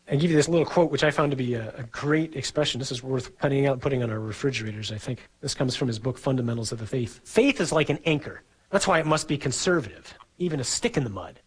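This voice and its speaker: A middle-aged man, a priest, giving an earnest, conversational sermon with a husky voice and the odd chuckle. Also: medium pitch, low-quality recording.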